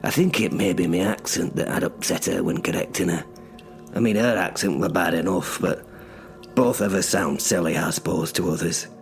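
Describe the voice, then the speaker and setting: A man playing a gravelly, bitter cursed sorcerer. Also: low-pitched, moderate pace, faint music behind. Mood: sardonic grumbling. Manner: sardonic, sweary, grumbling. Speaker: first-person narrator. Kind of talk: audio drama narration.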